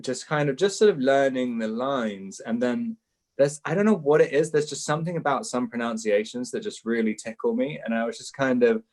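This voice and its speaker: A man's voice: mid-range voice, fairly quick, darkish tone. A man, an actor being interviewed, giving a rambling, hesitant answer.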